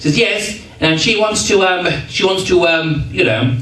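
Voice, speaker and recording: A man's voice: sits high, normal speed, pushed and bright. Playful male entertainer in a roomy hall. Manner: teasing, chatty, playful banter with the audience. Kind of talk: comic stage patter with jokes. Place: function hall with a live audience. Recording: roomy hall recording from a distance with crowd.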